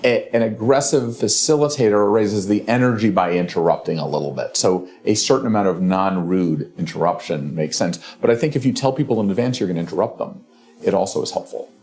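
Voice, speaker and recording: A man's voice: on the low side, brisk. Interrupting male podcast host. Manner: interrupts often, restarts phrases, animated. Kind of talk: casual interview chat.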